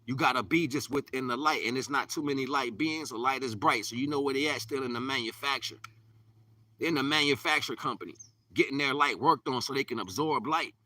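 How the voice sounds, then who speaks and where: A man's voice: medium pitch, fairly quick, bright, forceful tone, far from the mic. A man giving a live-streamed spiritual talk in a repetitive, preachy way, often dropping to a near-whisper. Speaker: spiritual teacher.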